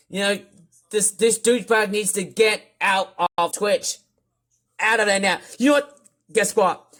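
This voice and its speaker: Ranting YouTuber with a bright, strained voice. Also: medium pitch, a little slow. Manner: ranting, complaining, with outbursts of insults. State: voice strained from yelling. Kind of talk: ranting vlog commentary.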